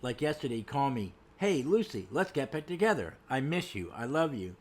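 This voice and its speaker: A man reading the lines of a fed-up young woman, an ex-girlfriend, in a flat read-aloud delivery. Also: mid-range voice, moderate pace. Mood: weary. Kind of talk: reading comic dialogue aloud.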